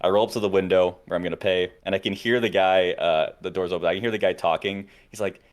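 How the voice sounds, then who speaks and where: A young man co-hosting a podcast, telling animated stories in casual chat and swearing often. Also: low voice, quick pace, few pauses. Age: young adult. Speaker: podcast co-host.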